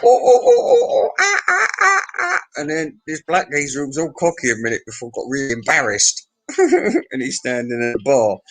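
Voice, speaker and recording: A man's voice: mid-range voice, fairly bright tone, low-quality recording. Rambling Englishman telling crude pub stories. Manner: crude, meandering storytelling, chuckling at his own tale. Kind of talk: rambling pub anecdote monologue.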